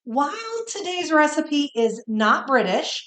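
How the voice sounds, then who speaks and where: A woman's voice: high-pitched, animated, unhurried, a bit bright, echoey room. A woman co-hosting a home cooking show, chatting in a playful, jokey way. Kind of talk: casual cooking show chat. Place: home kitchen.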